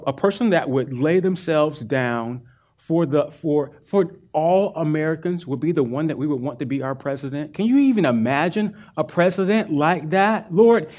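A male pastor preaching a sermon, earnest and animated as he retells a Bible story. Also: fairly high pitch.

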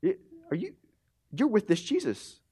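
A man's voice: high-pitched, wildly swooping pitch, normal speed, warm tone, slightly rough, voice pushed up, full character voice. A man voicing a nosy teenage servant girl who keeps pressing with questions, in a raised voice. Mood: prying. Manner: prying, insistent questions.

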